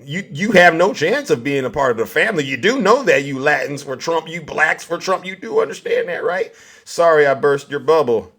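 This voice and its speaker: A man hosting a political livestream, loudly taunting and mocking his viewers. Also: fairly high pitch, big pitch swings, moderate pace. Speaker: livestream host.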